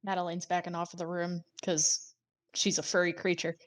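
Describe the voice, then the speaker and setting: Playful lady player, kinda low voice, quick little quips. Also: level tone. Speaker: tabletop game player. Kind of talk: casual chat.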